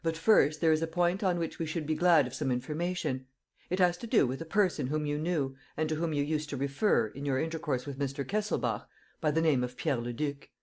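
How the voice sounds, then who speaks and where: A narrator voicing a calm police chief. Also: male voice, fairly high pitch, fairly quick, lightly acted. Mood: firm. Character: composed police chief, middle-aged man. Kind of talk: audiobook character voice.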